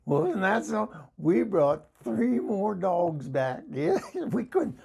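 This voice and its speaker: Guy playing a gravelly southern hillbilly lady, gushes and rambles, kinda high. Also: expressive, slow pace, a little mellow, a little hiss or hum, heavily acted. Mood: chatty. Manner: gushing, rambling, laughs a lot. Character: excitable hillbilly woman, middle-aged, dog-loving. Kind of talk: comic character vlog.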